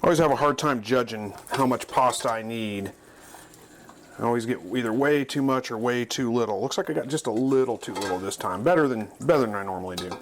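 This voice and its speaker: A man hosting his own cooking video, talking through a recipe in a relaxed, folksy, chatty way. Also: mid-range voice, fairly quick, a little hiss or hum. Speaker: cooking channel host. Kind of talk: casual cooking demonstration.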